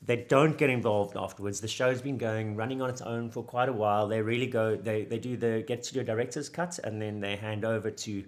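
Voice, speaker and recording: A man's voice: fairly low pitch, a little fast, few pauses. A man who works as a film editor, chatting casually and telling behind-the-scenes stories with lots of fillers. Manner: animated storyteller, acts out quotes, many fillers. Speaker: film editor, podcast guest. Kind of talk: casual chat.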